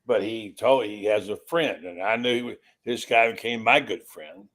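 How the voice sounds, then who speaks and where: A man's voice: fairly low pitch, moderate pace, fairly bright tone. A man, a sports writer guest, telling a story in a confiding, anecdotal way and often repeating his words. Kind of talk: casual storytelling on a panel.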